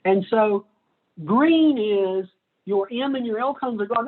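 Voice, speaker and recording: A man's voice: high voice, slow, phone-quality sound. A man giving a casual, conversational college lecture. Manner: conversational, plays out little voices. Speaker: university lecturer.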